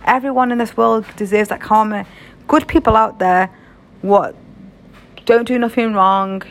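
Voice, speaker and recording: A woman's voice: a little high, fairly even intonation, unhurried. A young British woman telling a story in a casual vlog, frank and chatty, swearing freely. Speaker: vlogger.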